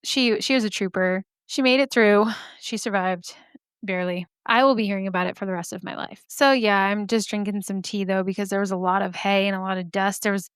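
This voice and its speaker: Recorded dry and close on a studio mic without echo, a woman in her thirties from Arizona hosts a podcast in a casual, chatty way. She is bubbly, laughs often, and has a touch of scratchiness in her throat. Her medium-pitched voice is smooth and fairly quick, with fairly even intonation.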